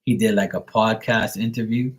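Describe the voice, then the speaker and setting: Homem de voz grave, conversa solta e desbocada. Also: male voice, on the low side, steady tone, normal speed. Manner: loose, profane and laughing, imitates accents. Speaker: live tarot reader and streamer. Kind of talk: casual live-stream chat.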